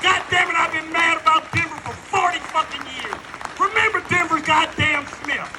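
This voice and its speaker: A man's voice: extremely high pitch, normal speed, crowd noise, noisy background. A middle-aged man giving a fiery, profane protest speech at an outdoor rally, repeating his rallying lines. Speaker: rally speaker.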